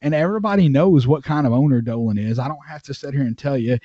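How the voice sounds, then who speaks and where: A man with a mellow, mid-pitched voice talks through a sports podcast in a halting way, with plenty of "you know." The audio is dry and a bit muffled. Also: dry recording. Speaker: podcast co-host. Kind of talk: casual sports podcast chat.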